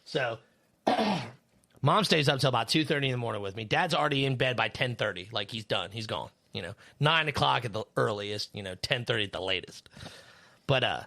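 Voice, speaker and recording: A man's voice: mid-range voice, animated, fairly quick, vocal fry, bright, forceful tone, slight background noise. A man co-hosting a podcast, chatting casually in a rambling way, with lots of fillers and swearing. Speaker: podcast co-host; third shift worker.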